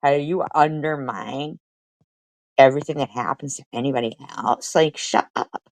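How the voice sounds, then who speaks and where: A middle-aged woman with a very low voice rants on her stream. She mocks and curses at a clip she plays. The sound is dry and close. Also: moderate pace, dry recording, rough recording. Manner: profane, mocking, talks back at a played clip. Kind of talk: heated commentary over played clips.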